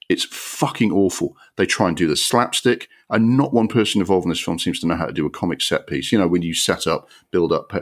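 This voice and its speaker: A man with a low, deep voice reviews a film on a podcast. He rants with mounting exasperation and swears freely, and his voice leaps higher whenever he gets worked up. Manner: exasperated, sweary, ranting with rising pitch. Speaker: podcast co-host. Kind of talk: casual film review rant.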